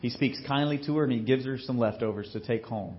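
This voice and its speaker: A man preaching a sermon as pastor, telling a story in a casual, joking way and acting out what people say, getting loud and then dropping low. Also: fast talker, highs cut off. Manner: animated storytelling, acts out quotes with big swings in loudness.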